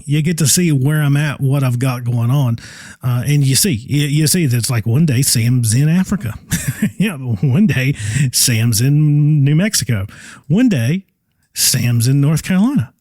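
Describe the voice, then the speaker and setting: A man's voice: mid-range voice, mellow, no echo. A man hosting a casual solo podcast, talking in a folksy, enthusiastic, rambling way from home. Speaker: podcast host.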